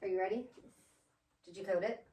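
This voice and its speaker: A woman's voice: medium pitch, steady tone, fairly quick, warm tone, far from the mic. A woman tutoring a pupil in phonics, patiently spelling words out letter by letter. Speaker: reading tutor. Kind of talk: one-on-one phonics lesson. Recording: echoey room, voice off-mic.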